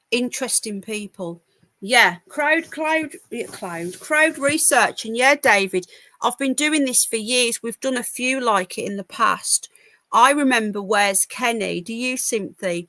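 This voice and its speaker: A woman's voice: on the high side, unhurried, pushed and bright, no echo. A woman hosting a casual livestream from home, reading news aloud and answering chat comments with wry asides and stumbles. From United Kingdom. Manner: chatty, wry asides, stumbles over words while reading. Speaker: livestream host.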